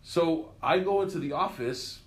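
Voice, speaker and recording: Speaking at normal speed in a mid-range voice, a radio personality in his fifties tells stories as an interview guest. He's a lively, casual storyteller who voices other people's lines, and the room is echoey.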